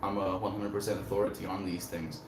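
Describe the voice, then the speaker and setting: A man hosts a casual livestream chat in a low, flat voice at a quick pace, rambling reflectively and laughing often. The room is echoey, with faint background noise.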